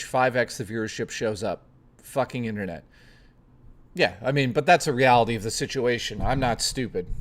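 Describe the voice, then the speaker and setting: A man hosting a casual chat stream, rambling and joking with plenty of swearing, greeting chat readers by name. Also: medium pitch. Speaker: livestream host.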